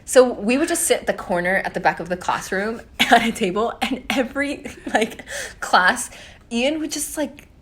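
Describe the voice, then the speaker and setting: A woman's voice: a little high, normal speed. Chatty young woman telling stories. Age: young adult. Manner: animated storyteller, laughs often, filler-heavy. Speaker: podcast guest. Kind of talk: casual chat.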